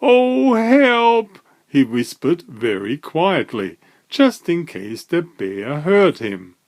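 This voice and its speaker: A man reading a children's picture book aloud, with slow, lively storytelling. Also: mid-range voice. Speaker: storybook reader.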